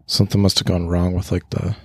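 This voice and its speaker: A man's voice: sits low, monotone, fast, a little hiss or hum. A man co-hosting a casual book podcast, laid-back, tossing in joking theories and short replies. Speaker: podcast co-host. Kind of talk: casual book-discussion chat.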